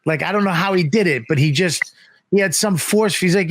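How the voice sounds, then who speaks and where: A man's voice: high voice, brisk, dry recording, clean studio sound. A man telling a casual, profane story, acting out the people he quotes. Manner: profane, animated, acts out quotes. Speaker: guest comedian.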